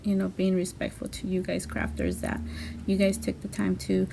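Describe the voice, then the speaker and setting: A woman's voice: medium pitch, little pitch movement, normal speed, gravelly, noisy background. A woman hosting a craft channel, chatting casually as she unboxes a package, gushing and effusive, with frequent "you know" fillers.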